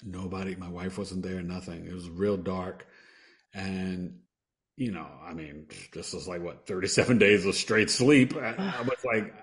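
A man's voice: low-pitched, steady tone, a little slow. A man who is a podcast guest, telling a personal story earnestly and acting out what people said. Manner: earnest, acts out quoted dialogue, trails off and restarts.

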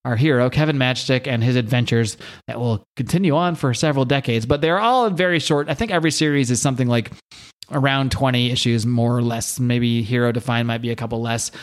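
A man's voice: medium pitch, fairly quick. A man hosting a comic book podcast, casually recapping a story and asking his co-host's view. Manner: casual, amused, retelling plots. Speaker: podcast host.

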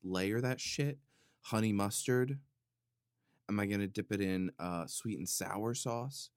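A lower-voiced man riffing on viewer comments with mock outrage. He jumps from sudden loud outbursts to quiet muttered asides. The sound is dry and close, with no room around it. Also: takes it slowly, no echo. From Italian heritage. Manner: dramatic, playfully indignant, jumps between loud outbursts and muttering. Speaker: vlogger reading viewer comments. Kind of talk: casual comedic monologue.

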